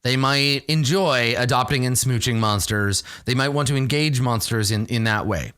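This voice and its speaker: A man's voice: mid-range voice, normal speed, clean tone. A man hosting an advice show on running role-playing games, talking casually and often ending points with "right?". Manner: animated, ends points with "right?". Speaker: game master advice host. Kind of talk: casual explanatory talk.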